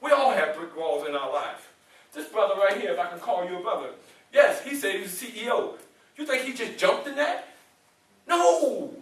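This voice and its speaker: A man giving a lively motivational speech to students. He teases them playfully, asks them questions and waits for their answers. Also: high-pitched, brisk. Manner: playful, teasing, asks the audience questions and laughs often. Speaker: motivational speaker. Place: indoor room with a student audience. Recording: very echoey room, mic far off.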